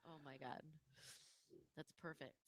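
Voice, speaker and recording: A woman co-hosting a podcast, cheerfully recalling shared moments with lively laughter. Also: deep voice, a little slow, dry recording. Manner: animated, laughing recollection. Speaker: podcast co-host. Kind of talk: casual chat.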